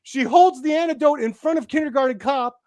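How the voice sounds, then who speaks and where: A man co-hosting a casual podcast, recapping a movie in a rambling, halting way with many restarts. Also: very high voice, darkish tone, dry recording. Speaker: co-host reviewing a movie.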